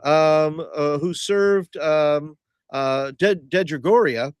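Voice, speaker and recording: A man voicing a courteous, hesitant halfling adventurer who talks haltingly with many fillers, in a tabletop game. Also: a little high, smooth, no echo, voice pushed up. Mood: polite. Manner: halting, full of "uh" fillers, polite.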